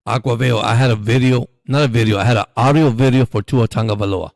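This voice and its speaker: A man's voice: mid-range voice, fairly even intonation, gravelly, a little mellow, no echo, studio quality. A man hosting a live sports stream, chatting casually and calling the plays as he watches. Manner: chatty, rambling, quick to laugh.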